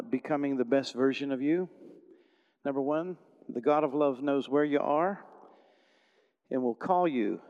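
A middle-aged man preaching a sermon in a conversational storytelling way, often restarting sentences and swinging between loud and soft. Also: medium pitch, in a large hall, muffled recording. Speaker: pastor.

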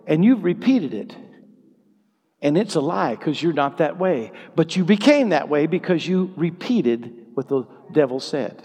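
A man's voice: a little high, very animated, measured pace, slightly rough. Impassioned preacher man in a reverberant hall. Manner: impassioned, swinging from hushed to shouting. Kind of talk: sermon.

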